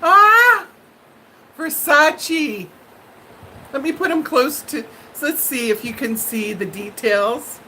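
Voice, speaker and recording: A woman hosting a live stream, telling viewers a story in a dramatic, animated way and laughing often. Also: a little high, moderate pace, few pauses, slight background noise, poor audio.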